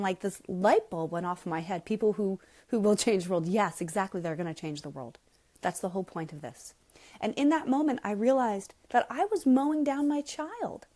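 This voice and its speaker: A middle-aged woman hosting a live parenting question-and-answer chat, talking in a blunt, frank and emphatic way and reading out viewer comments. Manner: animated, with sudden jumps up in pitch. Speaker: parenting coach host.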